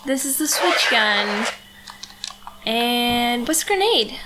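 A high-pitched woman talks slowly through a console game with friends, giggling and cursing as she stumbles over mission text. She sits in a living room, and the recording carries noticeable background noise. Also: expressive, bright, forceful tone. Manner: giggly, swears freely, reads mission text haltingly. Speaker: gamer playing on the channel. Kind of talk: casual let's-play chat with friends. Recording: noisy home recording.

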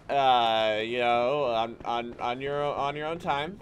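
A man doing live gameplay commentary as a streamer, excitable and swearing, yelping and talking back to enemies. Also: medium pitch, takes it slowly, slight background noise. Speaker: gaming streamer.

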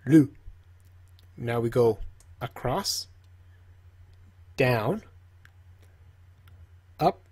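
A man's voice: mid-range voice, animated, drawn-out words, pauses often, a little mellow, husky. A man casually teaching, joking and talking to himself while he draws. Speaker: language teacher. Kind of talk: casual tutorial while drawing.

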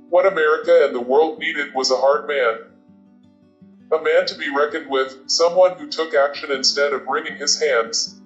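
Brief: male narrator for an audiobook, fairly high voice, recorded in an echoey room with dull lo-fi sound. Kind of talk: audiobook reading. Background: faint guitar music.

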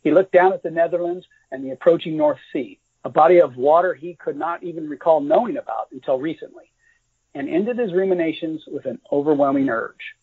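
Husky man reading his novel. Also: fairly high pitch, brisk. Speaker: author reading his book. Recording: dry, tinny phone-like audio.

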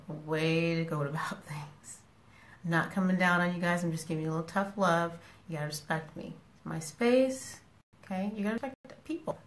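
A woman with a lowish, somewhat bright voice speaks in an echoey room during a live stream. A social media personality, she talks frankly and casually to her followers, scolding them lovingly and saying things more than once.

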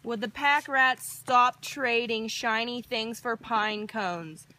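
A woman doing a slow, stern school announcer. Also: fairly high pitch, pushed and bright.

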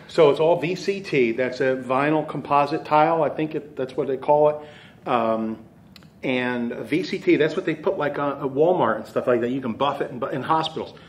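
A middle-aged man giving a rambling, joking house tour as a real estate agent, slightly out of breath. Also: mid-range voice. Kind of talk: casual walkthrough talking to camera. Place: inside a large empty house. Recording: echoey empty rooms.

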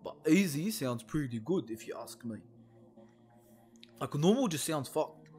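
A man's voice: on the high side, sing-song, a little slow, darkish tone, faint music behind. A young man commenting nervously on a horror game he plays alone at home, swearing and hesitating. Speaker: gaming video host.

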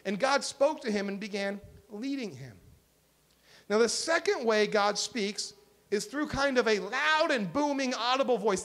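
A man with a high voice preaches to his congregation as their pastor. His delivery is earnest, pressing hard on key points and then dropping low and quiet. The sermon is given live in a church. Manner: earnest, swings from emphatic to hushed. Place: church sanctuary.

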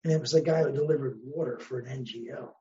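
Through lo-fi audio, a history professor appears as an interview guest, talking fast in a mellow, medium-pitched voice. He makes his points emphatically and wryly, leaning on rhetorical questions in the conversation.

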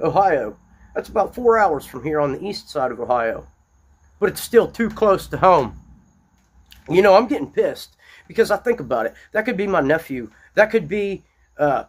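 A man with a fairly high, breathy-edged voice delivers an unscripted, angry political monologue from his small-town home. As a political commentary host, he's blunt and repetitive.

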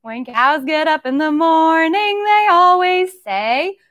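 A woman's voice: very high voice, expressive, takes it slowly, fairly bright tone. A young woman leading a toddler story time, playful and sing-song, with animal noises and sound effects.

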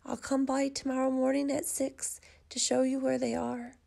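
A woman voicing a greedy, sly male big bad wolf, speaking slowly and loudly. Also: high-pitched, flat delivery, vocal fry. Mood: falsely sweet. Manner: slow, loud, drawn-out threats.

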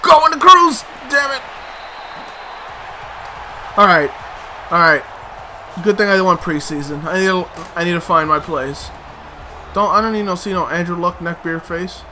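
A man with a high, very bright and sharp voice talks slowly through his gameplay. He mutters to himself and swears when things go wrong, with sudden loud outbursts. A faint hiss sits under the recording. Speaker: let's play host. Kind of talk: gameplay commentary.

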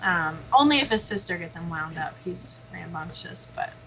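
A woman's voice: fairly low pitch, lively intonation, moderate pace, bright, forceful tone, a little hiss or hum, low-quality recording. A young woman and mother, chatting casually as a podcast guest, telling stories and laughing often. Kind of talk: casual chat.

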